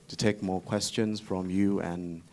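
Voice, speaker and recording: A man, a diplomat giving formal and halting remarks on a conference panel, pausing often with fillers. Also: low voice, little pitch movement, darkish tone. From Vietnam.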